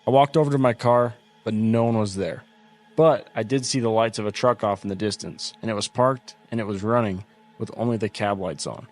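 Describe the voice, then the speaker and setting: Low-voiced man calmly retelling events. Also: fairly quick. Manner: calm, matter-of-fact retelling. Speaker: camping vlogger recounting his trip. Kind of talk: first-person story narration.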